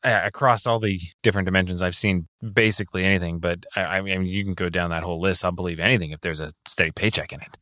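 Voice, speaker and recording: Bright-voiced man, playful and hesitant. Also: deep voice, steady tone, fast, hardly any pauses, no room sound, clean studio sound. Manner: hesitant, playful, easily flustered. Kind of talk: casual comedic role-play.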